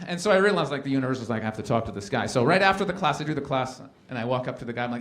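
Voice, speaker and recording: A man's voice: medium pitch, rapid-fire, few pauses. A man doing a stand-up comedy set at a live event, telling stories and acting out the people in them. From Canada. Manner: animated storytelling, acts out quoted characters.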